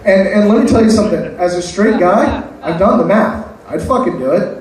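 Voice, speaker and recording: A man's voice: high voice, animated, fairly quick. Crude stand-up man in echoey room. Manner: crude, self-deprecating punchlines. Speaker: stand-up comedian. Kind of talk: open-mic stand-up set. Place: open mic night venue. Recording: echoey room, mic far off.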